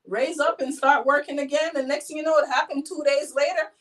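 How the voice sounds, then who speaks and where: Woman, guest, casual storytelling, animated, emotional, fairly high voice, a bit far from the mic. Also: fairly quick.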